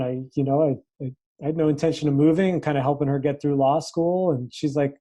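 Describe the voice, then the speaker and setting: A young adult man, a tennis coach, telling a story in a casual interview and acting out the dialogue with animated switches of voice. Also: a little high, fast talker, hardly any pauses, dry recording, low-quality recording. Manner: animated, acts out quoted dialogue. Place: Los Angeles area.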